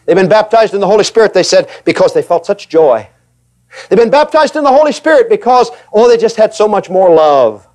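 A male preacher with a notably high-pitched voice delivers a fairly quick sermon. Animated and emphatic, he acts out little voices of reluctant, hesitant believers and drives his points home through repetition.

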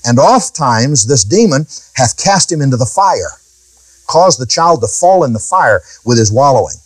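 A male preacher teaching from scripture with emphatic delivery. He keeps throwing rhetorical questions at his listeners, and his pitch rises and falls widely. The sound is dry and close, with no room echo. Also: big pitch swings, normal speed. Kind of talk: Bible teaching sermon.

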